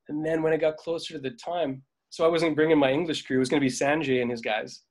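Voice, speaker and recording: A man's voice: fairly high pitch, fairly even intonation, fast, few pauses. A middle-aged man, a film crew veteran, telling rambling stories in a casual interview, with frequent fillers and laughs. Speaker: veteran dolly grip, guest.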